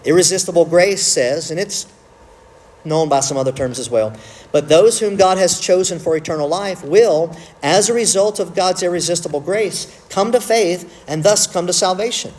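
A man teaching a church class, conversational and quick to joke at his own slips. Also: high-pitched, a little mellow. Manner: conversational, self-interrupting with humor.

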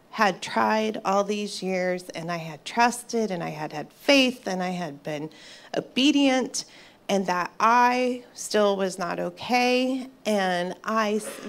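Slow, earnest woman in her fifties. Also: medium pitch. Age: 50s. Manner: earnest and reflective, with pauses and restarts. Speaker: speaker sharing her faith testimony. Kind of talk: personal testimony to an audience.

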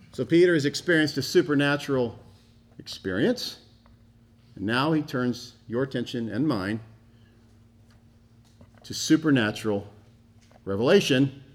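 A man preaching an expository sermon, stressing and repeating key phrases as he teaches from a passage. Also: mid-range voice. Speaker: pastor.

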